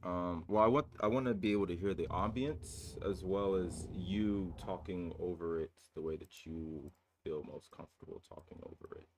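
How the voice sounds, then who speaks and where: A man's voice: low-pitched, normal speed, slight background noise. A man hosting a watch party stream, chatting casually and rambling while he checks audio levels. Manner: fussing over audio levels, loose and rambling. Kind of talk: casual chat.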